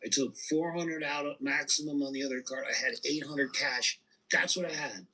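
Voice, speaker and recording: A man in his fifties, a guest telling an animated and emotional story in a casual interview. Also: medium pitch, moderate pace, slightly rough, rough recording. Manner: animated, emotional storyteller who repeats and restarts.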